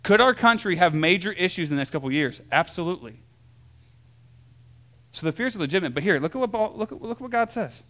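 Speaking at a quick pace, a young adult pastor preaches a relaxed, chatty sermon in a slightly high voice, peppered with "like" and "right?". He checks in with his audience often, and his stories come alive as he drops quiet and then swells loud.

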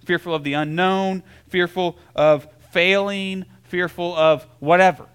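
A young adult man preaching a casual sermon, conversational and full of fillers and check-ins with the listeners, telling stories with lively swings between soft and loud. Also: high voice, a little slow, clear, resonant tone. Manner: conversational, lots of filler "like" and "right?". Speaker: pastor.

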